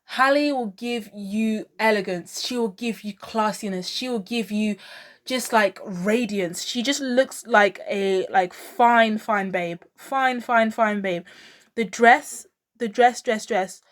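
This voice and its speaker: A woman's voice: medium pitch, slow. A woman talking casually to camera as a pop culture vlogger, chatty and opinionated, full of fillers and gushing exclamations. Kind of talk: casual fashion commentary.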